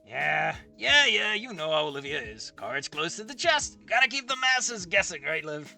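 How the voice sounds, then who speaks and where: A man's voice: on the high side, sing-song, moderate pace, gravelly, sharp tone, soft background music. A man reading a fan story aloud and commenting on it, ranting and swearing with stammering restarts. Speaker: fan fiction reader and commentator.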